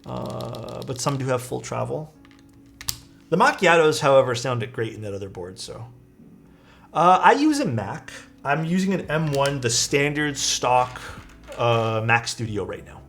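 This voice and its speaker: This streamer keeps things relaxed, reading chat and answering viewers' questions as he works on a build live. His mid-range voice is creaky, and he speaks at a measured pace.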